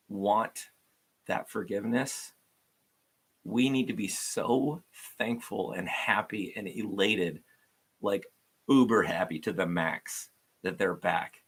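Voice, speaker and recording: A man's voice: lowish voice, fairly bright tone, husky. A man giving an informal, earnest devotional talk to viewers, rambling with frequent restarts.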